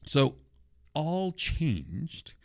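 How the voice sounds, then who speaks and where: Man, podcast host, casual storytelling, lively swooping voice, fairly high, swears a lot. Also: drawn-out words, vocal fry. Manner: animated, profane, frequent "right?" tag.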